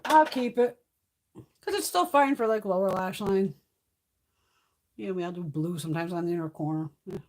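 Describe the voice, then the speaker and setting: A woman's voice: medium pitch, normal speed, pauses often, a little mellow. A woman hosting a casual livestream chat, swearing freely and laughing through her stories. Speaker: livestream host.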